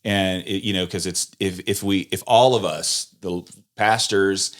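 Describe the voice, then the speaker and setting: A man's voice: low-pitched, steady tone, measured pace, a bit bright. A man co-hosting a casual church podcast, reflecting thoughtfully and thinking aloud. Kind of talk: casual conversation.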